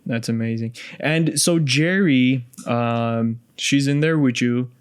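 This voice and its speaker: Male podcast host, mid-pitched voice, curious and easygoing interviewer. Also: slow, clear, resonant tone. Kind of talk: casual interview.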